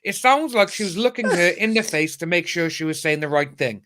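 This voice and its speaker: A man's voice: high-pitched, animated, a little fast, very noisy. A man guest on a casual livestream, talking emphatically and acting out quotes.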